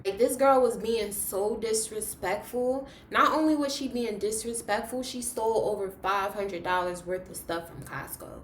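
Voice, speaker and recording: A young woman vlogger telling a story in a casual, animated way, her voice jumping from soft to loud as she relives it. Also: mid-range voice, slight background noise. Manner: animated, dramatic retelling with big swings in loudness. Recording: roomy echo.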